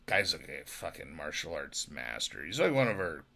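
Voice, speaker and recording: A drunk man rambling in a casual monologue, swinging from loud outbursts to mumbled whispers. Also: a bass voice, big pitch swings, normal speed, gravelly. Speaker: amateur actor talking about comedy.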